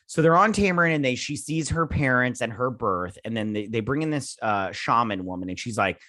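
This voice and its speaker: A man's voice: medium pitch, lively intonation, a little fast, hardly any pauses, bright, forceful tone, dry recording, clean studio sound. A man hosting a casual episode recap and review, rambling and joking with mock-indignant asides. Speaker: show host reviewing a TV episode.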